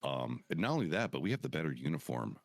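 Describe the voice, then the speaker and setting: A man's voice: a bass voice, sing-song, fast talker, creaky, no room sound, studio quality. A man hosting a veterans podcast, talking casually and brashly with lots of profanity and trash talk. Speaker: podcast host.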